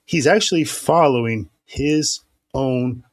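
A man with a mid-range voice reads the words of the Mass aloud slowly and deliberately, then remarks on them in a casual, critical way. The recording is dry.

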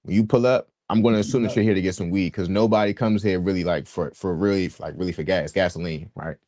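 A man's voice: low voice, steady tone, quick pace, darkish tone, no room sound, studio quality. A young man from Washington, D.C., earnestly telling a personal story in casual slang, with frequent restarts. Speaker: guest sharing his testimony.

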